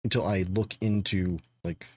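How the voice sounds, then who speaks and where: A man's voice: sits low, steady tone, normal speed, a little mellow, no echo. A man streaming game development, thinking aloud and rambling casually to his viewers. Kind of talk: casual live-stream chat.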